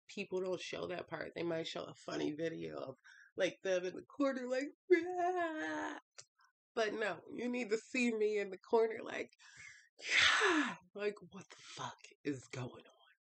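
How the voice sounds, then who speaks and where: Woman, vlogger, confessional chat, emotional, sighing, rambling, slow, gravelly. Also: low voice. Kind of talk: casual confessional talk.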